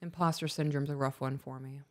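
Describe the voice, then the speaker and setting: A woman's voice: a bass voice, fairly quick. A woman co-hosting a live advice podcast, reading listener emails aloud with playful asides. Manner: playful, teasing banter between steady reading.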